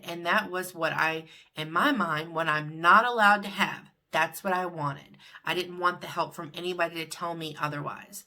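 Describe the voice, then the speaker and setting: A woman's voice: on the low side, normal speed, pushed and bright. A middle-aged woman vlogging in a chatty, rambling way about her week. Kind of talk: casual confessional vlog.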